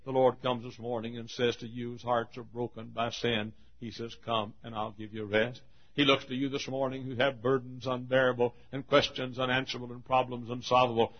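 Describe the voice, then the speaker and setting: A male pastor preaching a sermon in a church, with rhythmic repeated refrains that swing from loud calls to hushed asides. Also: medium pitch, level tone, a little fast, muffled recording. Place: church auditorium.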